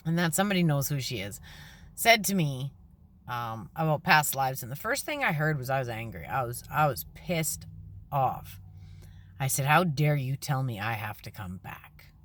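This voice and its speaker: A woman giving a rambling, earnest spiritual talk while parked in her car beside a busy highway. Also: a bit bright. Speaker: spiritual vlogger. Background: traffic noise.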